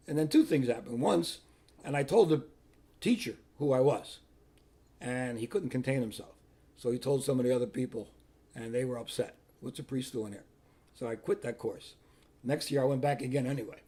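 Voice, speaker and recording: A man's voice: medium pitch, dark tone, husky. An older man, once a priest, telling his life story plainly in an interview and acting out other people's words. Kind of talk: personal storytelling.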